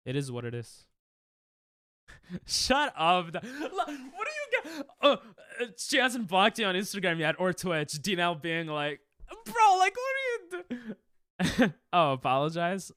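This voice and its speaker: Chatty, animated young-sounding male streamer. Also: on the high side, smooth, no echo, clean studio sound. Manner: defensive, laughing, rambling with restarts. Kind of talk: casual chat with stream chat while gaming.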